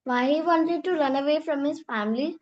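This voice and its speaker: A student asking hesitant, halting questions over a video call. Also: female voice, high voice. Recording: dull online call audio.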